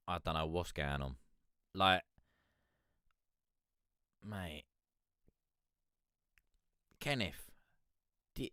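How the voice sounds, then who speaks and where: A young man hosting a live music review stream, chatting in a rambling, excitable way. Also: deep voice, very slow, long pauses, clear, resonant tone, no echo, clean studio sound. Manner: rambling, excitable, peppered with "mate". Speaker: music review show host. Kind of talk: casual live-stream commentary.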